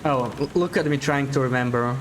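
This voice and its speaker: A man's voice: medium pitch, brisk, slight background noise. A man giving live gameplay commentary as a streamer, chatting to his viewers, thinking aloud and laughing often.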